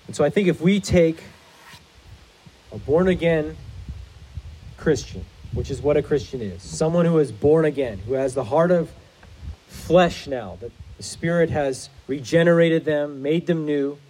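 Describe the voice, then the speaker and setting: A man's voice: a little high, measured pace, a little mellow, rough recording. A man preaching a sermon as pastor, in an earnest, explanatory manner.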